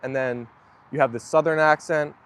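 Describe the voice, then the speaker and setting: This dog owner's voice is a little high, steady, fairly bright, clear and resonant, at normal speed. He's livestreaming on his phone during a rainy outdoor walk with his dogs, chatting to viewers in a rambling, self-deprecating manner.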